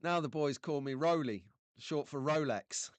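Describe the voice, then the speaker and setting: A man's voice: on the high side, unhurried, no room sound. A man from England hosting a casual live stream, chatty and jokey, greeting viewers by name.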